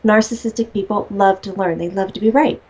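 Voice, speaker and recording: A chatty woman talks casually, laughing often and swearing freely as she relays messages as a medium. Her voice sits at a middle pitch. The audio is slightly dull and lo-fi. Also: fairly even intonation, fairly quick, a little mellow, slight background noise. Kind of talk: casual conversation.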